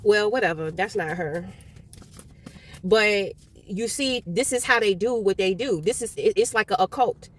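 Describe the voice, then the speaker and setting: A woman giving a casual tarot reading, talking bluntly and with plenty of swearing as she tells stories with animated energy. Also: medium pitch, unhurried, a little hiss or hum. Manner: blunt and profane, animated storytelling. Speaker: tarot reader.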